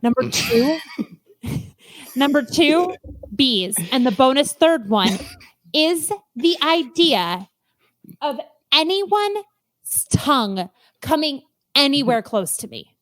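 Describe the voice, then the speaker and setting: A woman co-hosting a podcast in casual comedic chat, animated and jokey, acting out quotes. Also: high voice, slow pace, pauses often. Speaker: podcast co-host. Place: Chicago.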